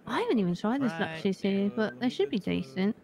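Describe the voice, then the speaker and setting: A woman's voice: mid-range voice, big pitch swings, brisk, a loud crowd. A woman role-playing an easygoing, helpful customer in a game, calling others darling. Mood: friendly. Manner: friendly, calls people darling.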